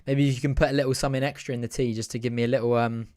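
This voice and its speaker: A young man hosting a live football watch-along, shouting at the match, swearing and groaning over his team. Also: mid-range voice, level tone, very fast. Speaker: fan watch-along host.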